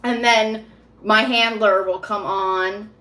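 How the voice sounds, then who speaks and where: A woman's voice: medium pitch, fairly even intonation, takes it slowly, sharp tone. Chatty woman psychic in an echoey room. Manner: rambling, filler-heavy, laughs often. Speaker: psychic reader. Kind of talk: casual spiritual vlog talk. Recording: roomy echo.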